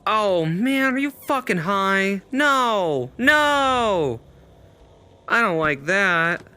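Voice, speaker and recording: A man's voice: high voice, very animated, extremely slow, pushed and bright, smooth. A man streaming a horror game, jumpy and swearing constantly, with nervous laughter. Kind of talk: live horror game commentary.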